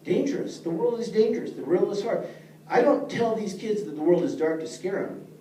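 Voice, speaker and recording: A man's voice: sits high, expressive, fairly quick, dark tone. A middle-aged man teaching a leadership class, earnest and plain-spoken, talking straight to the people in front of him. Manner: earnest, plain-spoken, addresses listeners directly. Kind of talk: speaking to a class. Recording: echoey room, mic far off, faint noise.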